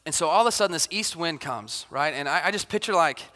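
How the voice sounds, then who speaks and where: A pastor with a somewhat high, bright, forceful voice preaches a conversational sermon, speaking fast with lively intonation. He often acts out quotes with rising intensity, and the recording has the reverb of a large hall.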